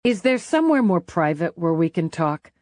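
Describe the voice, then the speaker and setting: A woman voicing a hard-nosed female police lieutenant, speaking flatly and directly in short lines. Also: lowish voice, normal speed, no room sound. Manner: flat, direct, clipped. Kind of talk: audiobook character voice.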